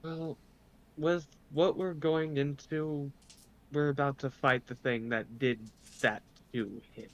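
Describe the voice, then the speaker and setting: A man's voice: fairly high pitch, fairly even intonation, slow pace, highs cut off. Casual man playing a tabletop game. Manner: casual, reactive. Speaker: player. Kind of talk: casual chat.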